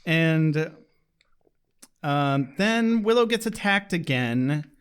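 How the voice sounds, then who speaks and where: A man co-hosting a casual podcast, animated, laughing often and acting out quotes. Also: a little high, very slow, smooth. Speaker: podcast co-host. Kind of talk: casual chat.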